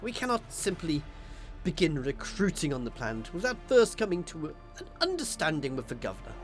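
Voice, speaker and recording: A man's voice: a little high, wildly swooping pitch, a little fast, faint music behind. A man doing a stuffy, pompous ship official. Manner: stuffy, formal and fussy. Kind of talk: video game voice-over reading.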